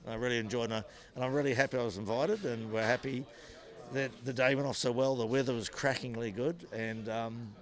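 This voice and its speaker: Older Kiwi ex-racer telling stories. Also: male voice, medium pitch, a little fast. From New Zealand. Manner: animated anecdotes with frequent restarts. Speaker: former motorcycle racer and businessman. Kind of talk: interview, storytelling.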